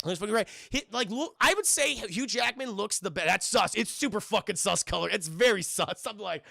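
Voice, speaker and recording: A man's voice: high voice, animated, fairly quick, creaky, sharp tone, no echo, studio quality. A man doing a rambling, profane scene-by-scene film review, talking straight to his live chat. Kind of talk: casual livestream film review.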